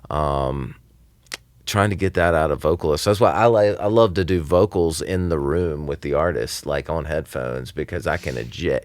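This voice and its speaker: Deep-voiced man speaking casually and loosely. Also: no room sound. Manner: rambling, loose, many fillers and restarts. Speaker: recording engineer and producer guest. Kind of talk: casual podcast interview.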